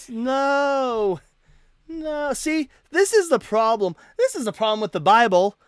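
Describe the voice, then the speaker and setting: This livestream debate host has a high-pitched voice with big swings in pitch, speaking at a normal pace in a clean studio recording with no echo. He talks casually and animatedly, frequently repeating and restarting words.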